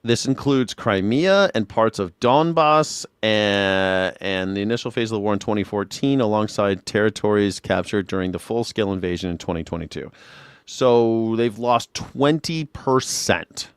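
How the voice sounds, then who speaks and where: A man's voice: fairly low pitch, moderate pace, smooth, no echo, studio quality. Blunt, profane male talk host. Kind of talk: live news reaction commentary.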